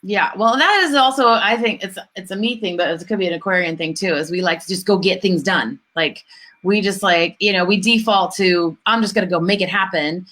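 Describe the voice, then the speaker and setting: Woman host, bright tone, chatty and enthusiastic, casual talk. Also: medium pitch, normal speed. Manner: chatty, many fillers, enthusiastic. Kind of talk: casual spiritual-business chat.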